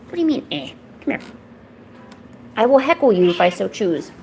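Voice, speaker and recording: A young woman streaming, coaxing and teasing her cat in a playful, high-pitched baby-talk voice. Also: sing-song, normal speed, gravelly, a little mellow, slight background noise. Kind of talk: live-stream chat.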